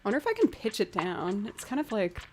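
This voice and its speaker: A woman's voice: mid-range voice, very animated, fast, slight background noise. A woman from outside Boston, a musician streaming live, chatting casually with viewers as she works out chords and beats. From outside Boston, USA. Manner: chatty, thinks aloud, talks to viewers. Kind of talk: casual livestream chat while working out music.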